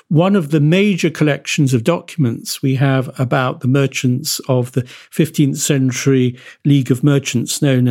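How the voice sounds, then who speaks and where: A male historian speaking as a podcast guest, explaining at length in a measured, discursive way with many asides. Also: on the high side, darkish tone.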